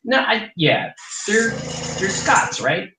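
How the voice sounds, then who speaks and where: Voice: mid-range voice, sing-song, slow. A streamer in playful, casual chat while airbrushing on stream. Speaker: miniature painting streamer. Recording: distant, roomy, noisy mic.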